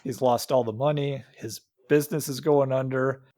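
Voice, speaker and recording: A man's voice: mid-range voice, steady tone, normal speed, warm tone, dry recording, clean studio sound. A young man co-hosting a podcast, chatting casually about a film with frequent restarts and acted-out quotes. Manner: rambling, many restarts, acts out quotes. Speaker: podcast co-host.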